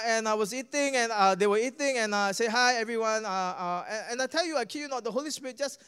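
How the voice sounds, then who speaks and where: A middle-aged man with a Singaporean English accent preaches with animated, storytelling energy. His voice sits high and sounds smooth and resonant. He keeps pulling the listeners in with quick questions. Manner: animated storytelling, asks the audience "right?" and "guess what?". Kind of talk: sermon with personal testimony.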